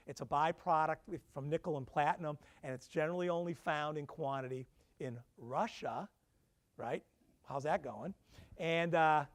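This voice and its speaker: A man, a professor, giving a conversational lecture to alumni, peppering the room with questions and self-deprecating asides. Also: fairly high pitch. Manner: conversational, quizzing the audience with questions.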